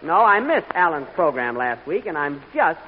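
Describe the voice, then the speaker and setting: A radio comedian with a high, lively voice that swoops up and down, indignant and halting with little uh's. The sound is a tinny, crackly 1940s broadcast, with a live audience roaring and hiss underneath. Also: male voice. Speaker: comedian hosting a radio show.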